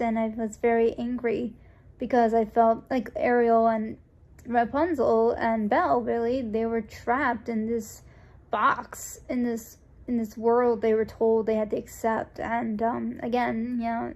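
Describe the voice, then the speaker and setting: A young woman raised in the United States, telling a personal story in a casual, rambling way, full of restarts and fillers, and acting out the lines of the people in it. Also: a little high. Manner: acts out quoted dialogue in a lively voice. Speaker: vlogger.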